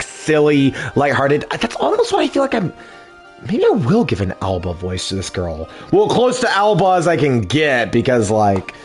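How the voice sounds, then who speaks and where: A casual YouTuber man, chatting between the lines of his game dub. He swears now and then, and his pitch swings widely as he jokes about himself. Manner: swearing, self-mocking asides. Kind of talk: casual commentary.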